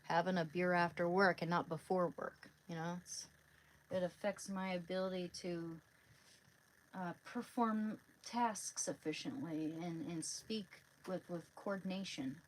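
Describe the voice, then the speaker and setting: On her laid-back livestream, a woman with a lowish, steady voice speaks at a measured pace, reading chat messages aloud and describing her day while rambling and stumbling over words. At times she slips into baby talk for her dog, and a faint hiss or hum runs underneath.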